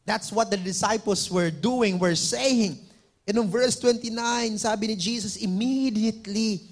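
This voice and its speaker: High-voiced Filipino pastor preaching. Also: male voice, measured pace. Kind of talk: sermon.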